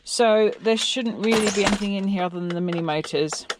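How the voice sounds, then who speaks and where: A woman's voice: medium pitch, fairly quick, heavy background noise. An English woman who makes scrapping videos, chatting in a rambling way as she tears down electronics and asks her viewers questions. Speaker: scrapping vlogger. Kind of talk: casual narration while tearing down electronics.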